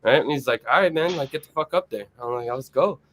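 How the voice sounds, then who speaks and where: Young male guest, rambling, cursing, excited storyteller on a remote mic. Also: medium pitch, fast talker, a little hiss or hum. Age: young adult. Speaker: guest musician. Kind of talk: casual chat, storytelling. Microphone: video or remote mic, quiet at first.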